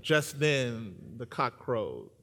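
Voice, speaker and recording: A man preaching a sermon, joking with the congregation and building to loud, sung-out emphasis. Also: mid-range voice, extremely slow, long reverb tail, slight background noise. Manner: humorous, animated, builds to shouting.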